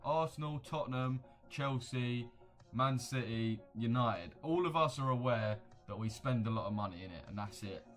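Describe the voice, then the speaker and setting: Over faint background music, a young male livestream host answers his viewers in a casual, blunt, slang-heavy way. He speaks at a moderate pace in a mid-range voice.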